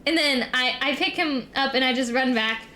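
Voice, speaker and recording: A young woman with a high, light voice chats casually as a streamer. She rambles through her story, packing it with fillers and restarts. A faint hiss sits under her voice. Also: normal speed, pushed and bright. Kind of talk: casual chat.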